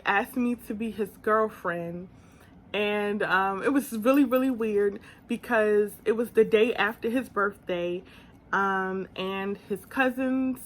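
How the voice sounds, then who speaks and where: Animated young woman telling a story. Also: on the high side. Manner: animated, laughs often, acts out quotes. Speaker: vlogger. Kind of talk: casual storytelling.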